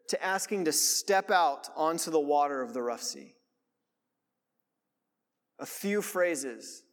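A man preaching a sermon as pastor, reading scripture aloud and then explaining it in a conversational way. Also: a little high. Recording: long reverb of a large hall.

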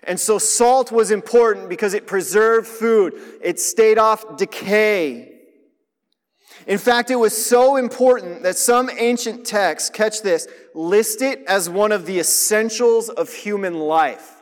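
A man preaches in a relaxed, conversational way, turning to his listeners and asking them to notice things. His voice sits high for a man, and it rings out with the long reverb of a large hall. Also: takes it slowly. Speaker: pastor. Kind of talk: sermon.

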